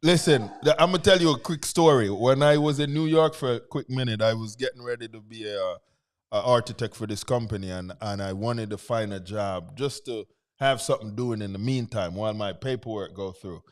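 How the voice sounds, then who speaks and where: A man with a Jamaican accent, a guest in casual chat, telling stories in an animated way and laughing easily. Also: fairly low pitch, brisk.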